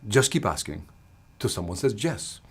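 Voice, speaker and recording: A man voicing an older male sales mentor who speaks with a Spanish accent in a deep voice, slow and matter-of-fact. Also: very animated, husky, full character voice. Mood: calm, knowing.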